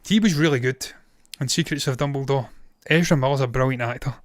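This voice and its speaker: He's in his thirties, a film reviewer doing casual live-stream chat, blunt and opinionated with swearing that comes easily. Speaking at a medium pitch and a little fast, he sounds tired and strained after streaming for a long time. The sound is close and dry, free of echo or room.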